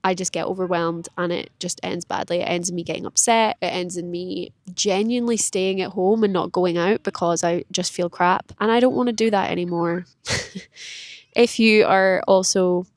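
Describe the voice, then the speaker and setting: A woman's voice: lowish voice, fairly even intonation, normal speed, hardly any pauses, no echo. A woman, rambling candidly and self-deprecatingly in a personal vlog. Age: late 20s. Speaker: vlogger. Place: outdoors in a park.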